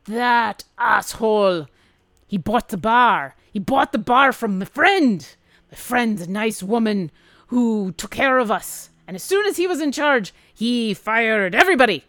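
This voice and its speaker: A woman doing a gruff, grumpy dwarf man. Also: a little high, expressive, unhurried, no room sound, studio quality. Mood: aggrieved. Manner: indignant, shouting, rough dialect. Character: gruff grumpy male dwarf druid, short-tempered.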